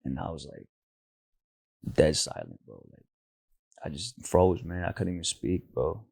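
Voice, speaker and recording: A man's voice: sits low, animated, a little slow, gravelly, darkish tone, slightly rough, dry recording, clean studio sound. A man telling a personal story in casual slang, saying "bro" nearly every line, speaking into a handheld mic. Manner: slangy, says "bro" constantly. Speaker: podcast co-host.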